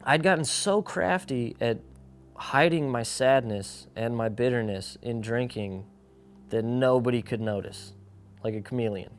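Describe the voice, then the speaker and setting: A man's voice: medium pitch, measured pace, faint music behind. A young man, a pro skateboarder, candidly telling his personal story in a casual, slangy way, filling his talk with "like" and acting out the lines of other people. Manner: casual, slangy, full of "like", acts out quoted dialogue.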